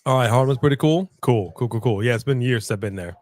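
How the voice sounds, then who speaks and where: A man co-hosting a live wrestling watch-along, chatting casually and breaking into shouts and laughter. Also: medium pitch, quick pace, dry recording. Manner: excitable, bursts into shouts and laughter. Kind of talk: casual live commentary chat.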